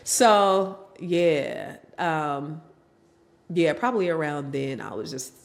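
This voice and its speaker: Her voice is deep and her pace slow as this middle-aged woman, appearing as a guest, recounts her own experiences openly. With animated delivery, she performs her family members' words in their own voices.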